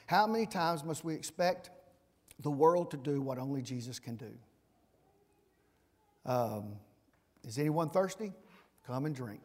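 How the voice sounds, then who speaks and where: A man's voice: on the high side, expressive, a little slow, pauses often. A man, a pastor preaching a folksy, self-deprecating sermon and closing in prayer. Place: large church sanctuary. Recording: long reverb in a large hall.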